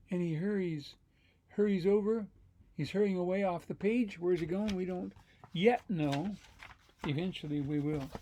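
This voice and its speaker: A man, a pastor, reading a children's picture book aloud in a relaxed, chatty way with asides. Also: high-pitched.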